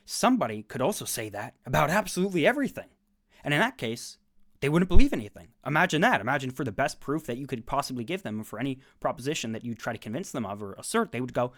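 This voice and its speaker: A man's voice: medium pitch, sing-song, fast talker, fairly bright tone. A man giving sarcastic, incredulous reaction commentary on a debate, sounding more and more exasperated.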